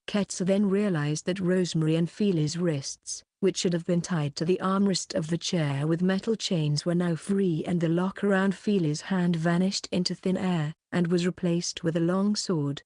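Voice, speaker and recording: Woman reading an audiobook, lowish dark voice, even and steady. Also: normal speed, no room sound, studio quality. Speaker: audiobook narrator. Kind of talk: scripted audiobook narration.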